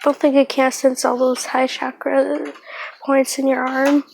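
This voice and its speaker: A woman improvising a fan-fiction story aloud, halting and rambling, with lots of fillers and self-corrections. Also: high-pitched, monotone, creaky, darkish tone, a little hiss or hum, poor audio.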